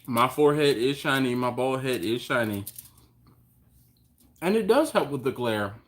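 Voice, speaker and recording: A relaxed man talks on a live stream through his phone's mic at home, with a voice of ordinary mid pitch. He reads viewers' comments aloud in an easygoing way, greeting people by name and chuckling often. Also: moderate pace. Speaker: host of a barbecue live stream. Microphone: phone on a mount.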